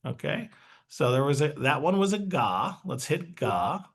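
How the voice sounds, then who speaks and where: A man's voice: fairly high pitch, big pitch swings, unhurried, breathy edge. A man presenting a webinar, explaining a brain training exercise in a chatty, upbeat way.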